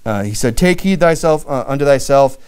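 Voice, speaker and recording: A man from Michigan preaching a sermon, animated, with many asides and acted-out quotes. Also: mid-range voice, brisk, clean tone. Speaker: pastor.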